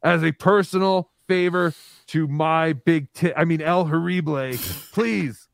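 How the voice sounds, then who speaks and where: A man's voice: a little high, unhurried, vocal fry, dry recording. A man hosting a casual live podcast stream, rambling as he reads out viewer donations. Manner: rambling, reads out super chats. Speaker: podcast host.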